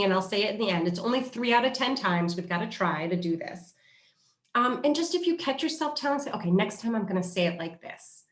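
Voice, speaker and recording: A woman hosting a parenting workshop, talking in a lively way and acting out what parents and children say. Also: medium pitch, reverberant.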